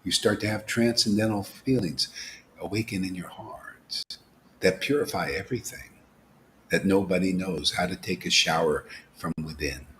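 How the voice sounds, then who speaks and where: A man giving an informal, animated devotional talk as a spiritual teacher, dropping to whispers and rising to exclamations. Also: low voice, normal speed, a little hiss or hum. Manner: animated preaching, swings from whispers to loud exclamations.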